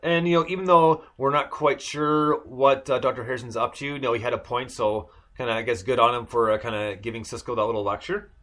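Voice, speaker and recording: A man's voice: medium pitch, fairly even intonation, fairly quick, a bit bright. A man on a podcast chatting casually through an episode recap, full of fillers and restarts. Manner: rambling, many fillers and restarts. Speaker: podcast co-host.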